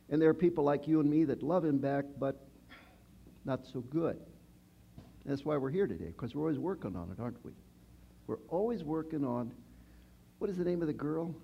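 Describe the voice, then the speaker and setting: Gravelly older man preaching casually. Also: fairly high pitch, dull audio, a little hiss or hum. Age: 60s. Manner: chatty, asks the congregation questions. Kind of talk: conversational sermon.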